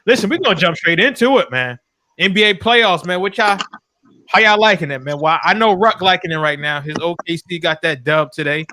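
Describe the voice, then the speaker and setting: A man's voice: sits high, lively intonation, brisk, sharp tone. A man hosting a casual sports podcast, talking in loose, slangy banter with his co-hosts. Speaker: podcast host.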